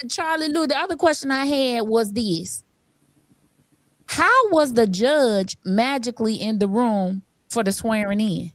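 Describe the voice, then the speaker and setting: A woman's voice: on the high side, expressive, unhurried, dry recording. A woman hosting a livestream, commenting bluntly and casually on a city council meeting. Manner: blunt, conversational, opinionated. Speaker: livestream host.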